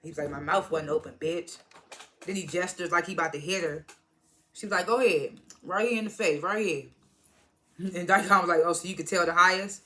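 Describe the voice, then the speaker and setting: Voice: medium pitch, brisk, pushed and bright. A speaker casually recapping a TV episode, retelling scenes as quoted dialogue, swearing freely and chuckling along. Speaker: TV episode reviewer.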